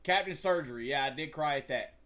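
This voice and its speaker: Bright and forceful, a young man's fairly high voice moves a little fast as he hosts a livestream. His talk is casual, slangy, and profane, wandering along with plenty of stumbles.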